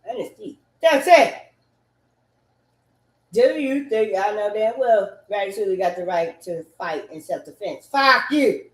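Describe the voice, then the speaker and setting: A woman ranting in a loud, profane, repetitive way, swinging between loud bursts and low mutters. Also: moderate pace, few pauses. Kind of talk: animated rant. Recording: echoey room.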